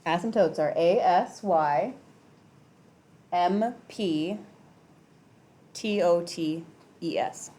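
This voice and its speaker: A middle-aged woman with a somewhat low voice teaches math to a class. She talks casually and keeps asking her students questions. She is recorded in a classroom. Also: normal speed, pauses often, a little mellow. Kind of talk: classroom lecture.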